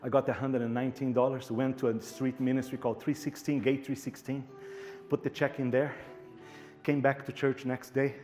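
A man's voice: medium pitch, normal speed. Male pastor telling a story from the pulpit, acts out the back-and-forth, repeats himself, faint music in the back. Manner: animated storyteller, acts out dialogue, repeats words. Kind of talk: storytelling sermon.

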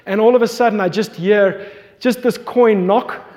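A man in his thirties preaching a sermon, telling a family story in an animated way as a pastor. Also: high voice, normal speed. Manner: animated storyteller, voice climbing when excited. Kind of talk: sermon with personal anecdote. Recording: long reverb from a large hall.

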